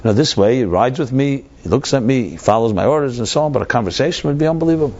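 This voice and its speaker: A man's voice: mid-range voice, animated, rapid-fire, a little mellow. A man voicing a rich, dim, hot-tempered nobleman in a told story, with demanding, blustering speech, on a dull lo-fi recording.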